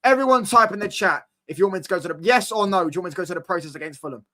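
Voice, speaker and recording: Here the young football streamer's voice sits high and comes out rapid-fire. He's animated with his chat, loaded with supporter slang, and keeps repeating "do you get what I'm saying."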